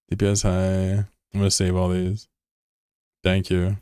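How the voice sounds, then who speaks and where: A man chatting casually on a live game stream, excitable and swearing freely as he answers chat between calls. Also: deep voice, a little slow, clean tone, no echo, clean studio sound.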